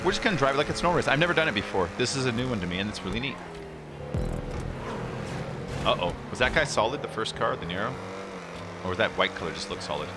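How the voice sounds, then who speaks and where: A man's voice: medium pitch, animated, fast talker, long pauses, over loud music. A man streaming a racing game, chatting casually, rambling and laughing as he reads chat aloud.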